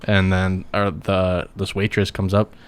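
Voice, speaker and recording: Young guy, podcast co-host, lowish voice, laid-back and deadpan. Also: measured pace, clean tone. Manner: laid-back, deadpan, often trails off quietly. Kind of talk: casual chat over beers.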